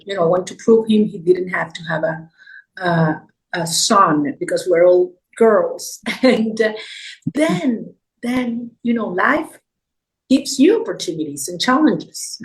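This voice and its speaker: A woman's voice: medium pitch, rough recording. Earnest Spanish-accented woman guest speaker. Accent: Venezuelan Spanish. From Venezuela. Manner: earnest, repeats words as she searches for them. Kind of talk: answering audience questions.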